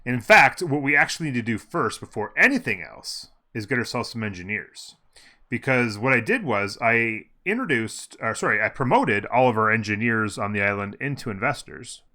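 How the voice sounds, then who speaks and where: A man hosting a city-building gameplay video, chatting casually and thinking aloud as he plays, often pausing on fillers and correcting himself. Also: mid-range voice, lively intonation, bright, forceful tone.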